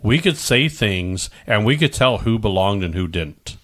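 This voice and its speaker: A man's voice: on the low side, expressive, unhurried. A man from the Midwest co-hosting a podcast, chatting casually and rambling with many restarts. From American Midwest. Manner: rambling, restarts often, slips into goofy put-on voices. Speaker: podcast co-host. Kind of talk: casual chat.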